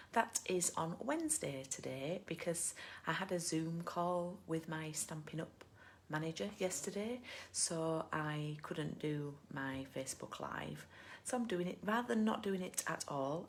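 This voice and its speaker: Speaking unhurriedly in a fairly low pitch, a British woman from the UK runs a live card-making stream, with slight background noise audible. She rambles casually, dropping lots of ums and side comments, and her British English comes through a laptop or phone camera mic.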